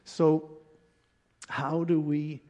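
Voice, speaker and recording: A man preaching a sermon, telling a personal story in an animated, conversational way. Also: a little high, extremely slow. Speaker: pastor.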